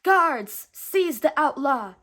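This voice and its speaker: A woman voicing a vain, villainous prince who shouts and whines his orders in a read-aloud storybook. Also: on the high side, takes it slowly. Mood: shrill. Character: spoiled vain villainous prince, adult male.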